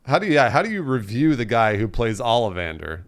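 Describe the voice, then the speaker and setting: Lively man hosting a casual podcast. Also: medium pitch, brisk. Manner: animated, laughing storytelling. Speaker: podcast host. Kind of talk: casual chat.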